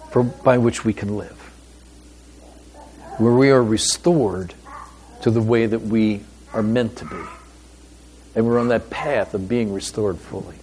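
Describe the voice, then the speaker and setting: A man preaching a sermon as pastor, with a deliberate, emphatic delivery and pauses. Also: medium pitch, a little mellow, a little hiss or hum.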